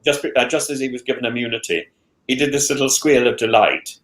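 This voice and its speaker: A man in casual podcast talk, speaking haltingly with many stammered restarts. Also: mid-range voice, steady tone, a bit bright. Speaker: guest, former contestant. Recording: roomy echo.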